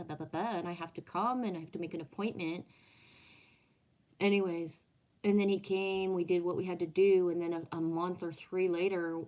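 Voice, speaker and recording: A woman, a former restaurant owner and chef, telling a personal story in casual talk, swearing freely and acting out the people she quotes. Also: on the low side. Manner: blunt, swears freely, acts out quoted dialogue.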